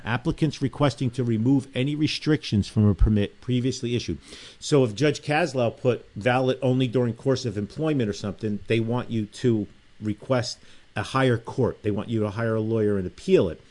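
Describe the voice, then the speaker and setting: A man's voice: medium pitch, a little fast, darkish tone. A man hosting a radio talk show, making emphatic pleas and reading listener emails aloud.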